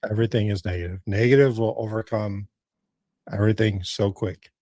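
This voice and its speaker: A man with a fairly low voice hosts a podcast interview, speaking calmly and agreeably. The sound is dry and close, with little room around him. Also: a little fast, no room sound. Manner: calm, agreeable, short affirmations. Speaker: podcast host, paranormal investigator. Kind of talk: casual interview chat.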